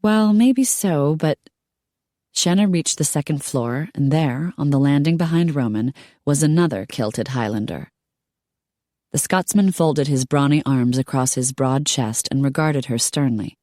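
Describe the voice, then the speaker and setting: A woman with a very deep voice narrates an audiobook in a steady storytelling manner, reading scripted text. The recording is dry and clean, with studio quality.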